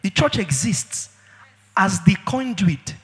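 A man preaching a sermon as pastor, emphatic, with sudden shouts and drawn-out words. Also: sits high, very animated, big-room sound.

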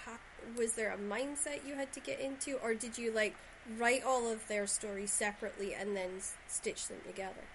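A Scottish-accented podcast host from Shetland speaks in a slightly high, steady voice, brisk and almost without pauses, drifting through long rambling runs. The casual conversational interview is captured on poor audio with a faint hiss or hum.

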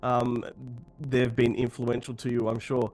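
A man's voice: mid-range voice, monotone, a little slow, a little mellow. A man interviewing a film director, asking questions with fan-like enthusiasm. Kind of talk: press interview.

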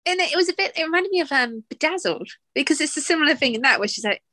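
A woman's voice: high voice, expressive, fast talker, pushed and bright, no echo. A woman co-hosting a podcast in giggly, chatty casual conversation. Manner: giggly, chatty, frequent laughter. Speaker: podcast co-host. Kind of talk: casual chat.

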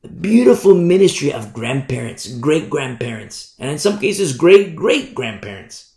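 An emphatic preacher man delivering a sermon, indignant and insistent. His voice sits on the high side and has a gravelly rasp. It echoes around the room it was recorded in. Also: big pitch swings, measured pace, a little mellow. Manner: emphatic, indignant, repeats "you see?".

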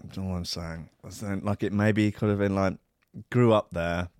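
A man hosting a radio show alone, rambling in a sardonic, sweary way, swinging from loud asides to mutters. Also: low voice, fairly even intonation, normal speed, clear, resonant tone, no echo, studio quality. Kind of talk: rambling solo radio banter.

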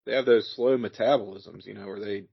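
A man's voice: fairly low pitch, a little fast, gravelly. A man guesting on a podcast, rambling with dry jokes and lots of fillers. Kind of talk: casual live-watch chat. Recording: dull lo-fi sound.

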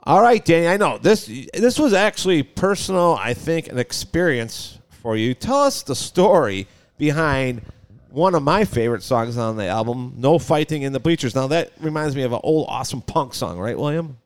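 A man's voice: a little high, animated, moderate pace, no room sound. A man hosting an interview, eagerly piling on follow-up questions in casual chat. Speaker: interview host.

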